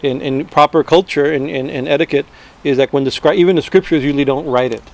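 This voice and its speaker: Man, spiritual teacher; slightly higher voice; loose, conversational delivery full of restarts and "right?" checks. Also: fast, a little mellow. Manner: conversational, many restarts, frequent "right?" tags.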